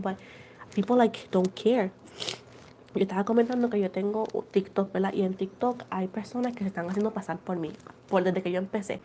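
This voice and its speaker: A fast-talking woman with a mid-range voice hosts a casual tarot livestream, addressing viewers as "guys" and "girl." She's chatty and animated in her storytelling and goes over each point a second time; there's a little hiss or hum.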